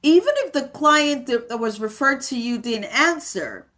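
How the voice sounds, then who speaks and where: A woman's voice: high voice, expressive, normal speed, a bit bright. Emphatic woman giving realtor training. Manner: emphatic, repeats key words for stress. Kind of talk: motivational training talk with anecdotes.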